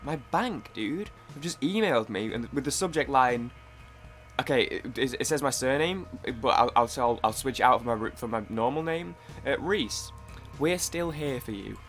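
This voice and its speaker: A gaming YouTuber chats casually through a let's-play, rambling, restarting sentences and cursing now and then. His voice is mid-range and fairly bright, with lively intonation and a moderate pace. Soft music plays in the background.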